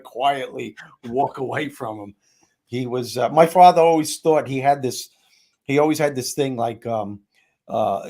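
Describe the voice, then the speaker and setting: Chatty New host. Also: male voice, mid-range voice. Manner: animated, jokey, does impressions. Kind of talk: casual podcast chat.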